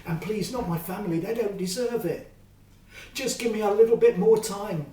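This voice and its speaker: A man's voice: sits high, moderate pace, mellow, voice pushed up, close to an everyday voice. A man voicing a worried debtor who pleads, then turns bossy, heard in a roomy space from a distance. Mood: desperate. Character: worried man deep in debt.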